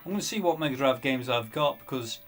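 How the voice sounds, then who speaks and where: A man's voice: medium pitch, lively intonation, fast, fairly bright tone. Male streamer, casual muttering delivery, faint music underneath. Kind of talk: casual live-stream chat while gaming.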